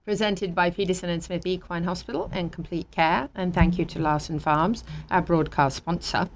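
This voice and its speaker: British woman host, slightly low voice, chatty, laughs easily, reads sponsor plugs. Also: steady tone, moderate pace, slight background noise. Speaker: talk show host. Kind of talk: casual chat.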